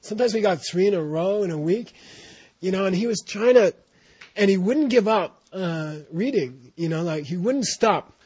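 Rambling high-voiced man, husky and dry. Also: expressive, moderate pace, darkish tone, no echo. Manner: rambling, full of "you know" and restarts, laughing at times. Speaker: student recounting memories of his teacher. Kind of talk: casual storytelling talk.

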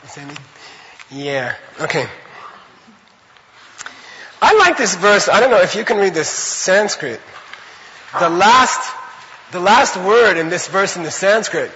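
A man giving an animated, conversational Buddhist teaching to a class, often checking in with his listeners. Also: high-pitched, in a large hall, muffled recording, slight background noise. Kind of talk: dharma lecture to a class.

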